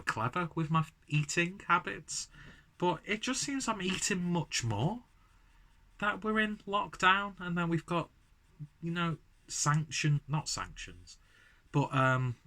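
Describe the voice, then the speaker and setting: A man's voice: mid-range voice, bright, forceful tone. A man reviewing a beer at home in a casual vlog, rambling and self-deprecating, slightly buzzed from drinking. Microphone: camera mic, framed from chest up.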